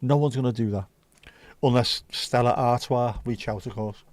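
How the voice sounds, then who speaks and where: Scouse male streamer, warm low-key tone, dry close sound, rambling casual chat. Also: moderate pace, no room sound. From Liverpool, England. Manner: chatty, rambling, swears freely. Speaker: livestream host.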